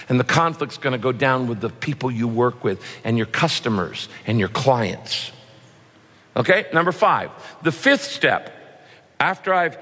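A man delivers a sermon from the pulpit, animated and playful. He slips into other people's voices for effect, his pitch leaping around and sitting a touch high. A long reverb trails his words through the hall. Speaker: pastor.

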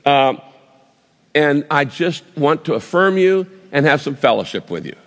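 A man preaching voices a loving king who speaks softly and reassuringly, with halting repeats. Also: fairly high pitch, big pitch swings, big-room sound. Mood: tender. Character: loving male king, gentle and affectionate.

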